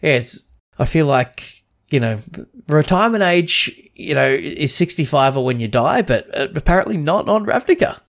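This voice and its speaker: A man's voice: on the high side, very animated, moderate pace. A man co-hosting a podcast in casual chat, rambling with frequent restarts and tangents. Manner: rambling, restarts a lot, chatty with lore tangents. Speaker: podcast co-host.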